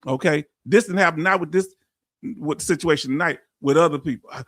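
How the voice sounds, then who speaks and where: Southern Texan man hosting a livestream, high voice, dry close mic, talks blunt and direct to chat. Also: brisk, a bit bright, no echo. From Houston, Texas. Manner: blunt, straight-talking, addresses chat directly. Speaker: livestream host.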